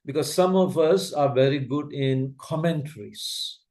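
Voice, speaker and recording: Slow, patient man teaching software. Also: a little high. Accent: Asian English. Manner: patient, repeats checks like "can you see that?". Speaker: trainer teaching video editing. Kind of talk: slow step-by-step software tutorial.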